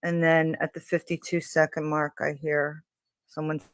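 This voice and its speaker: A woman hosting a true crime channel, describing audio clips in a hesitant way with many pauses and fillers. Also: sits low, dry recording. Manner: hesitant, many ums, slow and even.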